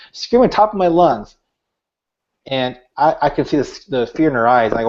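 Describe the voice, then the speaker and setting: A man's voice: medium pitch, brisk, darkish tone. A middle-aged man, an author and speaker, telling stories earnestly in an interview, with many restarts. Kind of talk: interview, storytelling. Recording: dull lo-fi audio.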